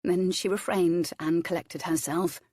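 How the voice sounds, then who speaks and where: A woman reading romance narration in an audiobook, measured and even. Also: fairly low pitch, husky, no echo.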